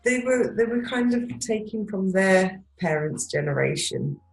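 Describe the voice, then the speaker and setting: A woman chats casually and supportively, often murmuring agreement while she listens. Her voice is of medium pitch. The room around her sounds echoey. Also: expressive, measured pace, a little hiss or hum. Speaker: podcast co-host. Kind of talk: casual chat.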